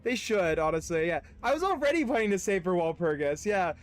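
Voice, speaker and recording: Young male streamer, high voice, casual and profane. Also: animated, a little fast, faint music behind. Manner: profane, laughing, chatty. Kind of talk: casual gaming stream, reading dialogue aloud.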